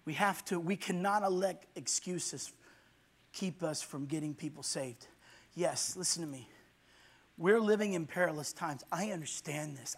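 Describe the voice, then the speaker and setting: A man preaching a fiery sermon in church, swinging from low intense murmurs to loud shouts.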